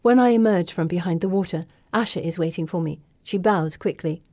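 Woman reading a first-person story, lowish mellow voice, dry close sound. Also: fairly quick, no echo. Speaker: audiobook narrator. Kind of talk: first-person audiobook narration.

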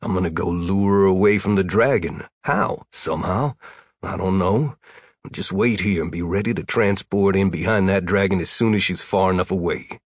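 A man's voice: low-pitched, normal speed, no room sound, clean studio sound. A man voicing a weary, put-upon adult male wizard who grumbles in a sardonic way. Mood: wry.

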